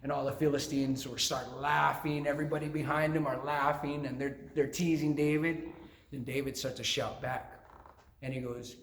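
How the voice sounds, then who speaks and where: A man's voice: medium pitch, fairly even intonation, moderate pace, roomy sound, a little hiss or hum. A man, a youth minister, telling a Bible story to young people with playful jokey asides.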